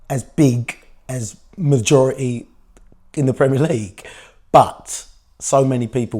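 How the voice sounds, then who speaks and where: A man with a croaky voice, co-hosting a football podcast in relaxed, rambling chat. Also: mid-range voice. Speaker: podcast co-host.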